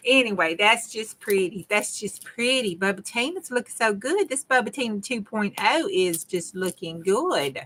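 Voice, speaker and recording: A crafting host with a Southern US country accent keeps up casual chatter with her viewers while she works on a project, drawling and chopping her words as she gets into it. Her medium-pitched voice is expressive and fairly bright, at a moderate pace with hardly any pauses. The recording is low quality.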